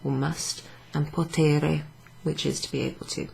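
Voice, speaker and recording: Tired lady teaching at a board, low voice, bit of vocal fry. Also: little pitch movement, normal speed, darkish tone, a little hiss or hum, poor audio. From Wales. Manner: explains patiently, writes on a board. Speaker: Italian language teacher. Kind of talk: casual classroom lesson.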